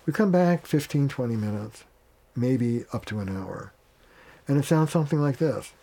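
A man with a mellow, warm-toned voice talks as a family therapist being interviewed. He is plain-spoken and casual, and he slips into quoted lines of dialogue to make his points. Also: mid-range voice, lively intonation, moderate pace, vocal fry. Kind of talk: conversational interview.

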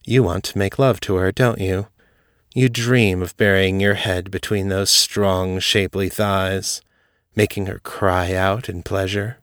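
A man's voice: deep voice, fairly even intonation, unhurried, a bit bright, no room sound, studio quality. Man playing a coaxing demon charmer. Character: smooth-talking male Daedra, charming, manipulative.

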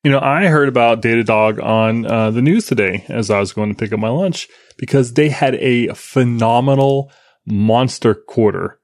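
A man co-hosting a tech podcast, talking in a rambling, enthusiastic, halting way. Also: mid-range voice, no room sound, clean studio sound. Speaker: podcast co-host. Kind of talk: casual chat.

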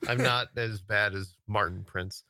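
A man's voice: on the low side, steady tone, a little slow, bright, forceful tone. A man talking casually as a podcast guest over a video call, hesitant and full of fillers and restarts. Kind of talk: casual chat.

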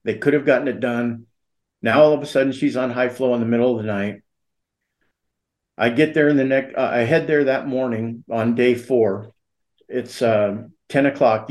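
A middle-aged man, an interview guest, recounting a personal story in an earnest, halting way and acting out the dialogue. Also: mid-range voice, darkish tone.

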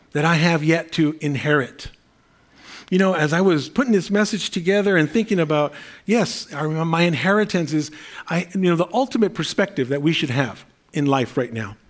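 A middle-aged male pastor preaching a sermon in an earnest, conversational way, with fillers and repeated phrases. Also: a little high.

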